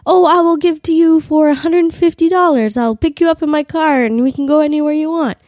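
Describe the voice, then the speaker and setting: A woman's voice: high-pitched, fairly quick, darkish tone, no room sound, studio quality, pitched above the performer's own voice, close to an everyday voice. A woman putting on the voice of an overexcited young male tour guide with a Costa Rican accent and broken English. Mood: eager.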